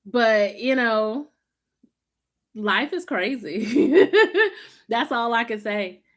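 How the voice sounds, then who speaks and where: A woman with a Southern country drawl talks casually to viewers on a live stream. Her voice sits a little high, and her delivery is loose and slangy, with laughs scattered through it. She grew up in Los Angeles, yet the drawl comes through thick. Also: very slow. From Los Angeles, USA. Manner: chatty and informal, slangy, laughs often. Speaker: host of a spiritual live stream.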